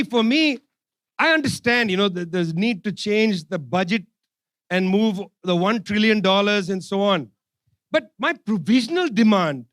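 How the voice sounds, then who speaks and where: A man's voice: sits high, fairly bright tone, no room sound, studio quality. A man giving an impassioned speech at a forum, sarcastic and repeating phrases for emphasis. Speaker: speaker at a political forum. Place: forum event hall.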